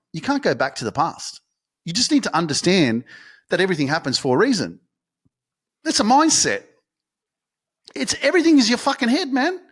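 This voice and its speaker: Intense, swearing podcast host. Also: male voice, sits high. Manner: intense, profane, shifts from shouting to hushed. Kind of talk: motivational podcast monologue.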